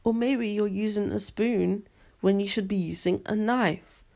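A young woman rants her way through a casual storytelling podcast, all slang and exasperation. Her voice sits at a middling pitch for a woman and drags into a gravelly fry at the ends of phrases. It is loose, chatty and animated. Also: unhurried. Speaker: podcast host.

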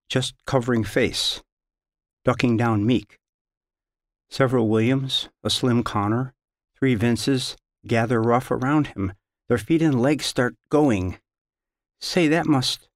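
Slow, measured man reading a story. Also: mid-range voice, dry recording, studio quality. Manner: measured, halting first-person delivery. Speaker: author reading his story. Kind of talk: reading literary fiction aloud.

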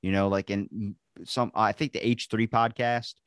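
A podcast host who grew up in a beach town tells rambling stories in casual chat, swearing a lot and acting out quotes. His fairly low voice is smooth, flat and unhurried. The studio-quality recording has no echo.

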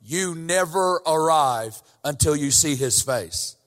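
A man's voice: a little high, animated, takes it slowly, a bit bright. A man preaching a sermon in a church, talking casually at first and then building to fervent emphasis. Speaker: guest preacher. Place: church sanctuary. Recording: church hall reverb.

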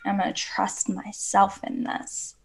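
A woman's voice: medium pitch, completely flat delivery, slow, creaky. A woman talking earnestly and at length as a guest on a podcast, with many fillers. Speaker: podcast guest, women's coach. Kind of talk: casual podcast chat.

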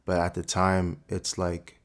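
Young guy, deep voice, pretty flat, just chatting through his story with lots of likes. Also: measured pace. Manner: relaxed storytelling with many fillers. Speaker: guest, actor. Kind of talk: casual interview conversation.

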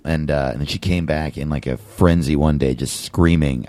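Low-voiced man rambling through a story. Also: fairly even intonation, fairly quick, few pauses, dark tone. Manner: rambling storyteller with many fillers and restarts. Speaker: podcast co-host. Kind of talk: casual chat.

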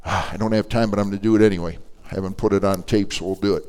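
An older man preaching a sermon to an adult Bible class, telling stories in an animated, emphatic way. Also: on the low side, fast talker, clean tone.

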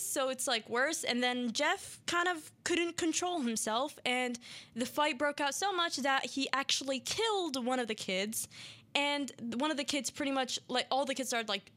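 A woman's voice: sits high, pushed and bright. A woman hosting a radio show, retelling a creepy story in a casual, rambling way full of "like" and restarts, sounding nervous. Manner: nervous, rambling, heavy filler words.

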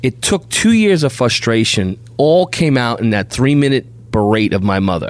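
A middle-aged man from New York, a podcast guest telling a lively anecdote who jumps into high, loud voices for the people he quotes. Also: normal speed, hardly any pauses, no echo. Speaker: podcast guest, bail bondsman.

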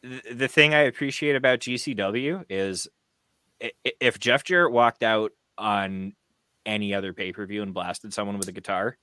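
Lower-voiced man who talks in halting restarts. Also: pushed and bright, clear, resonant tone, dry recording. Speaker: co-host reviewing wrestling. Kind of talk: casual chat.

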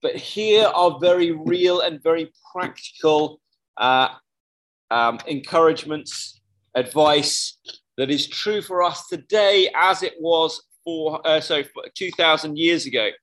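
A man's voice: fairly high pitch, unhurried, a bit bright, low-quality recording. A man preaching a sermon in a conversational way, often stopping to correct himself. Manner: conversational, with frequent self-corrections.

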